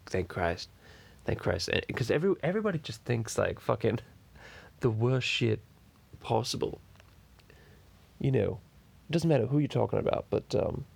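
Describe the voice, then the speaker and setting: A man's voice: mid-range voice, vocal fry, darkish tone, no room sound. A man voicing a foul-mouthed, rambling cartoon baby boy in an improvised parody monologue full of crude tangents.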